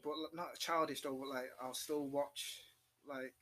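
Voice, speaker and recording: A young man, talking quickly and emotionally in a casual podcast chat and swearing freely. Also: medium pitch, fairly even intonation, pushed and bright. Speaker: podcast guest.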